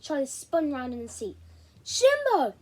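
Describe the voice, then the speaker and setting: A woman reading a children's novel aloud in an expressive, animated way. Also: high-pitched, a little fast. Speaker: reader.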